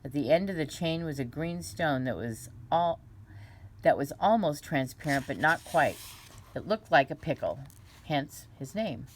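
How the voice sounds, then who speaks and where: Low-voiced woman reading a children's book. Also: expressive, slight background noise. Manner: unhurried, gentle, with small slips and restarts. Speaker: reader.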